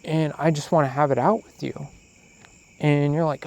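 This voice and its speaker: A man's voice: a little high, moderate pace, rough recording. A man delivering a profane, rambling monologue outdoors at night, with crickets chirping behind him. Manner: profane, animated, questioning. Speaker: solo podcaster. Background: crickets and insects.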